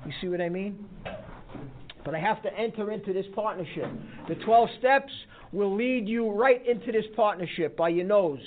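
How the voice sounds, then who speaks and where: A man's voice: sits high, normal speed, slight background noise. A man telling a folksy story to a recovery group, often checking in with a "huh?". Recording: tinny phone-like sound.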